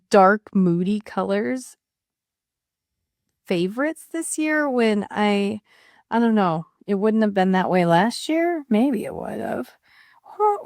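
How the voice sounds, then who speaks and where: A woman's voice: medium pitch, darkish tone, no room sound, clean studio sound. A woman chatting casually and rambling a little while she swatches inks, with self-deprecating asides. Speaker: ink and art video creator.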